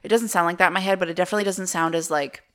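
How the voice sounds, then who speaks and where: A woman co-hosting a podcast in casual chat, with a soft, smooth voice, chatty and prone to tangents. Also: fairly low pitch, steady tone, racing. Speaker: podcast co-host.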